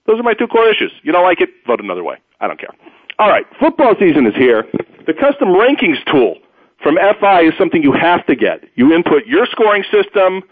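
A man hosts a talk radio show, rambling from story to story with blunt, opinionated asides. His voice sits fairly high and swoops around with lively pitch. The sound is thin and phone-like, dry with no room at all. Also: fairly quick, husky, no echo. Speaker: radio host. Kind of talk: sports talk radio monologue.

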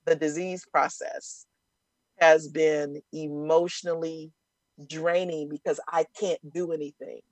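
A woman co-hosts a casual conversation, her voice sitting on the low side. She teases her partner in an animated way, with sudden loud bursts. The sound is dry and close. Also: measured pace, no echo. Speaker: co-host. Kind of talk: casual chat.

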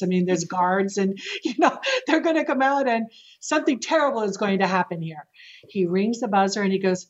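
A woman tells stories in an animated, casual way, laughing and restarting her sentences. She works as a real estate agent and speaks as a podcast guest. The recording sounds dull and somewhat lo-fi. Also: medium pitch, fairly quick. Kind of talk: casual storytelling interview.

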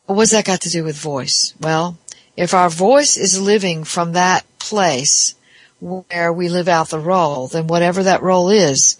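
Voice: medium pitch, no room sound. A therapist giving a reflective podcast talk, explaining ideas step by step in a thoughtful way.

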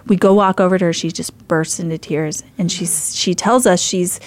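A woman's voice: on the low side, fairly even intonation, moderate pace. Chatty middle-aged woman telling a story. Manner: chatty, rambling with many fillers and restarts. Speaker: faith show host. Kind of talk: casual storytelling.

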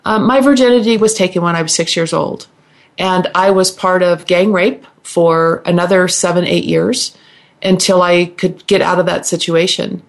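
A middle-aged woman, a guest healer, telling her personal story on a radio interview in an earnest, halting way, with restarts and repeated words. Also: on the low side, steady tone.

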